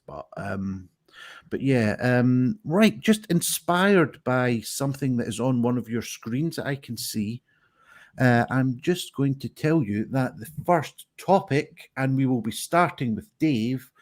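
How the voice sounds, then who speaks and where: Casually hosting a live stream, a man emcees an online pun contest over video call, chatting loosely and filling gaps with filler words. He has a medium pitch and a darkish tone.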